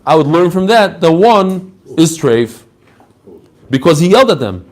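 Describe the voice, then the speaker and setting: Animated rabbi teaching Talmud. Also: male voice, a little high, unhurried. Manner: animated, mixes Hebrew and Aramaic terms, acts out quoted answers. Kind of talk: lively Talmud class lecture.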